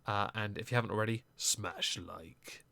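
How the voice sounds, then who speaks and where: A man riffs through a casual live stream, his remarks sarcastic and rambling. His voice sits on the low side and comes through a close microphone, with dry sound and no room echo. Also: normal speed, vocal fry, bright, forceful tone. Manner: sarcastic, rambling asides with many fillers.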